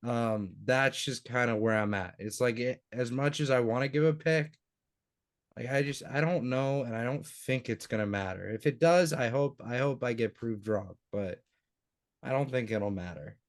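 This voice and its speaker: A man's voice: mid-range voice, moderate pace. Young guy on a betting pod, rambly and sweary, mid voice. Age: young adult. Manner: rambling, swears freely, hypes up the group. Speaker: podcast co-host. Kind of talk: casual sports betting chat.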